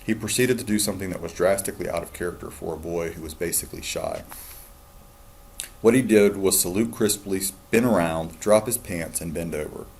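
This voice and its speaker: A man, a teacher, calmly reading a novel aloud to his students. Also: low voice. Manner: calm, steady storytelling.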